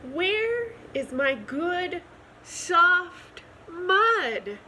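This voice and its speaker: A woman's voice: very high voice, sing-song, very slow, sharp tone, slight background noise, pitched above the performer's own voice, full character voice. A woman voicing a small, grumpy male pig who loves mud, with an indignant, squealing manner. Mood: longing.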